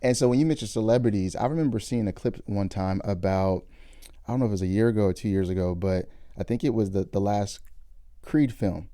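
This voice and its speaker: Male host, low mellow voice, dry close sound, casual interview. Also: brisk, no room sound. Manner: encouraging, frequent affirmations. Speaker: podcast host.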